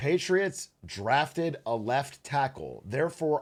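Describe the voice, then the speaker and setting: A man's voice: a little high, big pitch swings, measured pace. A young man chatting casually on his stream, sarcastic and laughing often.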